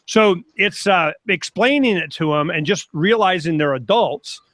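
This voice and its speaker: An older man and grandfather talking casually as a panel guest on a video call, rambling and animated as he tells stories. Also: high voice, normal speed, dry recording.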